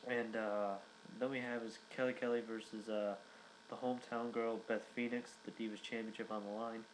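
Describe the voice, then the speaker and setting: Young male reviewer, rambling casual recap, low monotone voice. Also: normal speed, a little hiss or hum, poor audio. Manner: rambling, many fillers and restarts. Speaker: wrestling reviewer.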